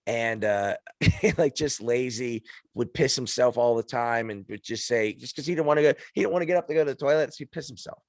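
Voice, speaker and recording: Gravelly, profane man telling stories. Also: medium pitch, brisk, dry recording, clean studio sound. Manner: profane, rambling storyteller with frequent restarts. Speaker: podcast guest. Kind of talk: casual chat.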